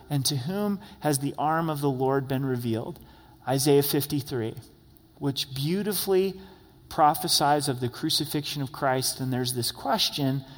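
Man preaching in a reverberant hall. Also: on the high side. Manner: earnest, conversational, rising to emphatic questions. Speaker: pastor. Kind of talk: expository sermon.

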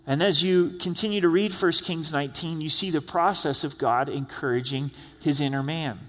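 A man's voice: a little high, moderate pace, few pauses, sharp tone, in a large hall. A man preaching a sermon as pastor in a conversational style, often acting out the words of the people he quotes. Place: church sanctuary.

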